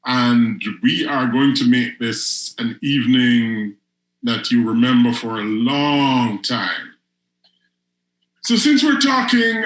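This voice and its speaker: A man hosting an online poetry show, reading his own spoken word poems in a slow, emphatic delivery that leans into repetition. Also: mid-range voice, a bit bright, echoey room, poor audio. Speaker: host and poet.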